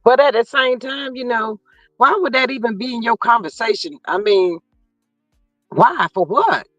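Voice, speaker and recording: A woman's voice: fairly high pitch, moderate pace, a bit bright, dry recording, soft background music. Laid-back woman on a muffled line. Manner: laid-back, agreeing with frequent hums. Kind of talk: casual gossip chat.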